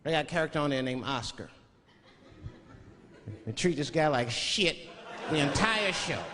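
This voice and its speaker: This live stage recording features a male comedian whose fairly high, expressive voice moves at a moderate clip. He wanders through a foul-mouthed story, performing the quoted lines, while the audience is loud in the background.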